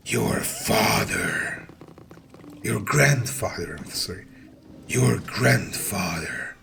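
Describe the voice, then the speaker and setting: A man voicing a huge, ancient female bronze dragon, speaking in a very deep, slow, hushed whisper. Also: gravelly, noisy background, exaggerated voice. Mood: bitter.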